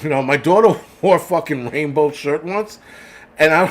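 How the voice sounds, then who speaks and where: A man's voice: fairly high pitch, normal speed. A man hosting a livestream, ranting bluntly with heavy swearing and many restarts while thanking viewers for donations. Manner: blunt, heavily profane, repetitive restarts. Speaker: livestream host.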